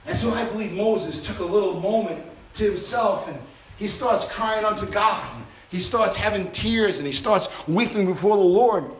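A man preaching a sermon to a responsive congregation, impassioned and swinging between loud exhortation and hushed intensity. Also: sits high, moderate pace, a little hiss or hum. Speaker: pastor. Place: church sanctuary with congregation. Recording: roomy church reverb.

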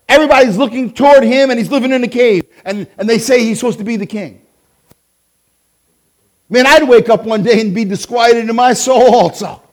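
A man preaching a sermon as pastor, impassioned, swinging from loud shouting to low, quiet intensity.

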